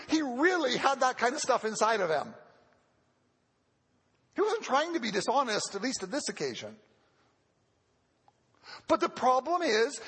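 A man's voice: very high-pitched, fairly bright tone, husky. A man preaching a sermon in an earnest way, repeating phrases for emphasis and often restarting, heard with the long reverb of a large hall.

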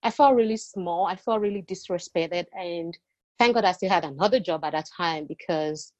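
Animated woman telling her story. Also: fairly low pitch, moderate pace, no echo, highs cut off. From immigrant to Canada. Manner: animated, acting out quoted exchanges. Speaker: podcast guest. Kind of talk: personal storytelling.

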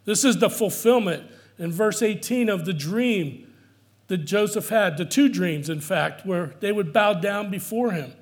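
A man with a notably high voice delivers a sermon as pastor. He preaches earnestly and with emphasis, often repeating a key line for weight. The delivery is steady and pastoral. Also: unhurried.

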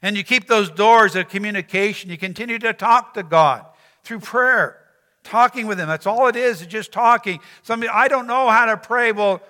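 A man's voice: high-pitched, moderate pace, sharp tone, in a large hall. A man preaching a sermon as pastor, earnest, repeating phrases and asking the congregation rhetorical questions.

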